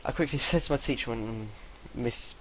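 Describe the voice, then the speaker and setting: A man's voice: mid-range voice, normal speed, slight background noise, poor audio. Young guy rambling on in a vlog, swears a lot, laughs mid-sentence. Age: young adult. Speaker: vlogger. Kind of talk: casual storytelling to camera.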